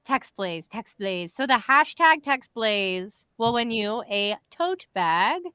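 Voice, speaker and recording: A woman's voice: a little high, lively intonation, slow pace, bright, forceful tone, smooth, no room sound. A woman hosting a live stream in casual, chatty talk, addressing viewers directly. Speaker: live show host. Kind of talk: casual livestream chat.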